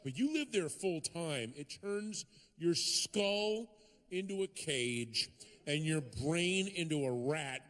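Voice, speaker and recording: High-voiced man doing animated stand-up. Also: slow pace. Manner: animated storytelling, sudden shouted punchlines. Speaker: stand-up comedian. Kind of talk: stand-up comedy. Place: comedy stage before a live audience.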